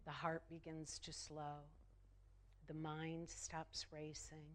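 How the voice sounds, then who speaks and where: A woman minister delivering a sermon, slow and emphatic, repeating phrases for effect. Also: low voice, completely flat delivery.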